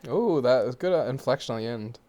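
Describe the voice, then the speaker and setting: Brief: male co-host, mid-pitched, halting, dry humor in casual banter. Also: expressive, dark tone. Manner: hesitant, many ums and restarts, dry humor. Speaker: podcast co-host. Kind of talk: casual chat.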